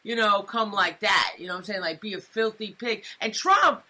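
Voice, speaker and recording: Bright-voiced woman co-host, streetwise slang. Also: mid-range voice, moderate pace. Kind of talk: casual political banter.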